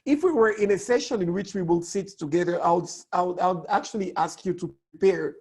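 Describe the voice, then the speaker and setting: A man teaching a lesson on public speaking, hoarse with a cracked voice, talking in an animated way that swoops between high and low tones. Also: fairly quick. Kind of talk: online lesson.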